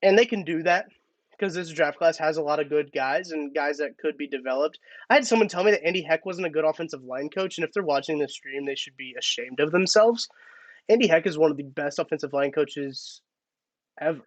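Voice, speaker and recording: A man's voice: fairly high pitch, brisk, dry recording. A man hosting a casual live-stream sports talk, chatty and thinking aloud with restarts. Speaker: podcast host.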